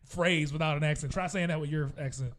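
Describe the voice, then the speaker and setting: Southern-raised guy cohosting a podcast, laid back storyteller, voice sits a bit high. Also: fast, a bit bright. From American South. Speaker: podcast co-host. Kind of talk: casual chat, storytelling.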